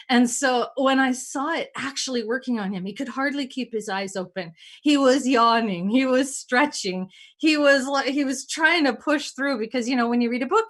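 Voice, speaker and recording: A woman hosting a casual talk, telling stories in an animated way and acting out the dialogue. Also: high-pitched. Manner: animated, acts out quoted dialogue. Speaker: host.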